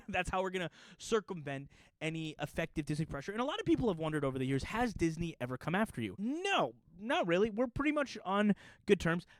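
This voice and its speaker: A young man talking casually to his viewers in a chatty, joking manner, with quick asides. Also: high voice, very animated, dry recording. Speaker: youtuber. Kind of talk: casual vlog explainer.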